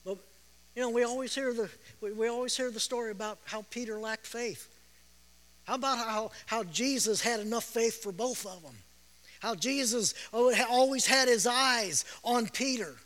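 Every word of this sermon echoes with the long reverb of a big church hall. The preacher, a man with a very high, bright, forceful voice, tells the story feelingly, breaks into shouts, often repeats himself, and laughs softly.

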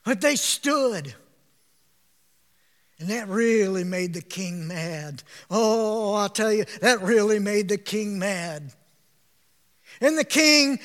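A man preaching an emphatic sermon, calling out to his listeners for responses and breaking into shouts. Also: high-pitched, lively intonation, slow pace, big-room sound.

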